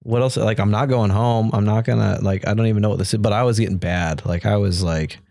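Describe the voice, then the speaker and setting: A man's voice: on the low side, quick pace, creaky, a little hiss or hum. A man as a podcast guest, telling a personal story in casual talk and acting out the voices of people he quotes. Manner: animated, acts out quoted dialogue.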